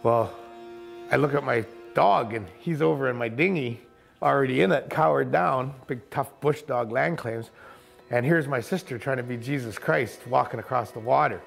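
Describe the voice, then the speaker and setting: A man who runs a kayak camp and tour boat, telling a first-person story in a vivid, colloquial way with quick asides. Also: mid-range voice, creaky, faint music behind.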